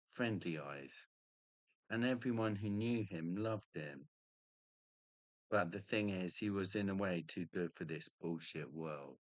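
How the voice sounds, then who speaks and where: Profane rambling man, deep voice. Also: no echo. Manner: profane, rambling, repeatedly says mate. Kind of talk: ranting monologue.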